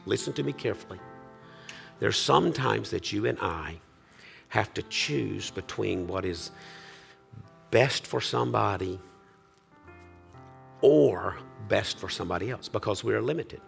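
Low gravelly church pastor, earnest, kinda halting, soft music under him. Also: male voice, animated. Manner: earnest, halting with restarts and fillers. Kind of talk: sermon and farewell prayer. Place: church sanctuary.

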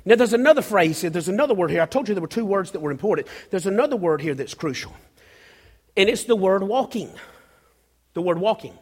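A man with a very high voice preaches a sermon from the pulpit, his words trailing off in a long hall reverb. He gropes for words with restarts, then builds into louder emphatic bursts. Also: animated, a little fast. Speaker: pastor. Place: church sanctuary.

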